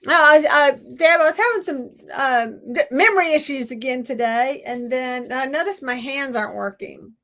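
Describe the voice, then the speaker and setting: Lady gabbing while she makes bows, bit high voice, talks to herself, laughs a lot. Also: fairly bright tone. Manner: chatty, self-talking while working, laughs often. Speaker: crafting vlogger. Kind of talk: casual crafting chat to viewers.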